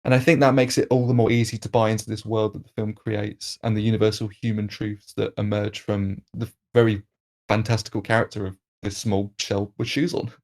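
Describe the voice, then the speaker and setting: A man hosting a film review podcast, reading an analytical critique in a measured way with occasional restarts. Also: lowish voice, little pitch movement, darkish tone.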